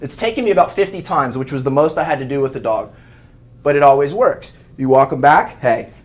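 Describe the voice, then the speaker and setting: Guy teaching dog rescue folks, lively, acts stuff out. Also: fairly high pitch, fairly quick. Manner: animated, acts out scenes with shouted mock voices. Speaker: animal behavior trainer. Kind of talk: live teaching talk to rescue volunteers.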